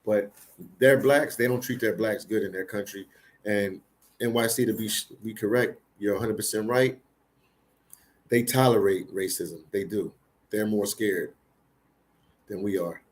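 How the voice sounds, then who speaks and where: Low-voiced rambling man. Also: steady tone, measured pace, pauses often. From Philadelphia, United States. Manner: rambling, repeats phrases, emphatic. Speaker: livestream host. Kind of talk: casual live storytelling.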